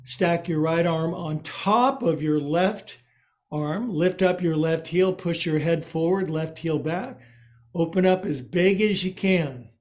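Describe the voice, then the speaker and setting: Livestreaming from his own space, this man teaches a guided yoga class in a slightly high voice, taking his time. He names each pose, counts the holds out loud and makes wordplay jokes as he goes.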